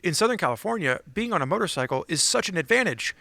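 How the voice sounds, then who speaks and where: A man's voice: sits high, sing-song, fast talker, creaky, pushed and bright, dry recording. Chatty male podcast co-host. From Philadelphia area. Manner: chatty, reads listener emails aloud. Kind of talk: casual podcast chat.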